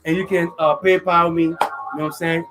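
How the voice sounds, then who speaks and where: A man's voice: fairly high pitch, little pitch movement, fairly quick, music in the background, rough recording. A man hosting a live radio show, talking loosely and casually, full of "you know what I'm saying" fillers.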